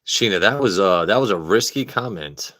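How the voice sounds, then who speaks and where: A man's voice: fairly low pitch, expressive, moderate pace, pushed and bright. An American man hosting a live stream, joking loosely with his chat and repeating himself as he reads comments. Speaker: livestream host reviewing whiskey.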